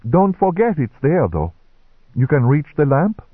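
A man voicing a kindly, teasing female nurse with a gentle manner. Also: a little high, huge pitch swings, unhurried, slightly rough, dry recording, voice pushed up, full character voice. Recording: dry, tinny narrow-band recording.

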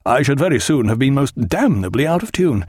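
A man voicing a hearty, bluff naval captain in an audiobook, lively and cheerful. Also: mid-range voice, brisk, breathy edge, dry recording, studio quality.

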